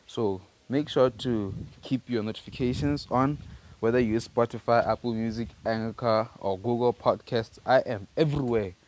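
A man's voice: mid-range voice, normal speed, a little mellow, a little hiss or hum. A teenage man from Africa, telling a loose, slangy story on his own podcast, full of restarts and repeated words. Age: teens. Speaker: podcast host.

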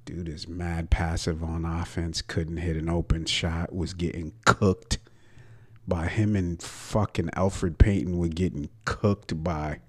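This is a young man ranting on a sports podcast. His voice is very deep and husky, and he talks at an unhurried pace. He is brash and profane, mocking his own teams' players. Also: little pitch movement, darkish tone.

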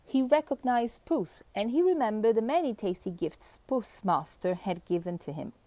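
A woman reading a fairy tale aloud with expressive, animated storybook delivery. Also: mid-range voice, normal speed, dry recording.

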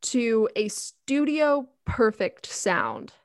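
A young woman co-hosts a podcast in an emphatic, enthusiastic chatty way. Her voice sits fairly high. It is recorded close and dry, with no room sound. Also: expressive, drawn-out words, clean tone, no echo. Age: young adult. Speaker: podcast co-host. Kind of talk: casual podcast chat.

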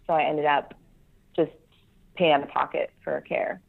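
A young woman talks candidly about her past, frank and self-deprecating, with laughs between points. Her voice sits a little low for a woman. The sound comes through a thin, tinny, phone-like line. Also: fairly even intonation, moderate pace, creaky. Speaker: Marine Corps veteran guest. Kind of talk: candid interview conversation.

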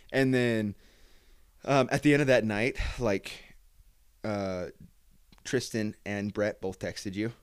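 A man's voice: fairly low pitch, steady tone, slow, long pauses, smooth. Young male host, loose storyteller, lots of "like" and "um". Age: young adult. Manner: rambling storyteller with many fillers and acted-out quotes. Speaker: podcast host. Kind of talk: casual chat.

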